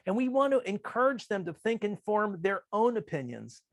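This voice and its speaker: A man presents a workshop in a calm, measured voice that sits fairly high for a man. He slips into quoted lines with shifts in pitch. The recording is dry and close, with no room sound. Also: creaky, no room sound. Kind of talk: presentation on persuasive communication.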